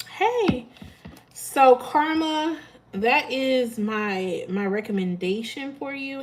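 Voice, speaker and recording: A woman's voice: on the high side, a little hiss or hum, poor audio. A woman hosting a live tarot stream, chatting casually with her viewers and laughing often.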